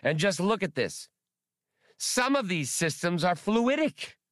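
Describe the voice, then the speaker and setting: A squeaky, fussy male alien skip tracer, as an audiobook narrator puts him on. His voice sits high and springs up and down impatiently. The sound is dry and close. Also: big pitch swings, a little slow, a bit bright, dry recording, heavily acted. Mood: exasperated. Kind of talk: audiobook character voice.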